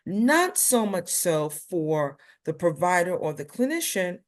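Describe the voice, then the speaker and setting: A woman from Brooklyn with a clear New York accent talks about health policy as an interview guest. She is emphatic and animated, with a slightly low voice. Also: measured pace. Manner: animated, emphatic storyteller with a playful streak. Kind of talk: panel interview conversation.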